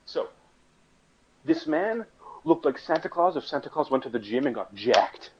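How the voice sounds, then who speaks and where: A man's voice: mid-range voice, sing-song, normal speed, lo-fi sound, noisy background. A young man on a casual podcast chat, telling a story in a joking, rambling way and restarting his sentences. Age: young adult.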